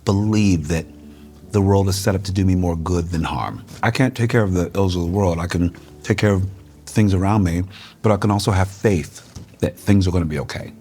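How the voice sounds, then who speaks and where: A middle-aged man with a very low voice tells stories as a guest in a casual interview over a meal. He acts out the people he quotes, and faint music plays behind him. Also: fairly quick, dark tone.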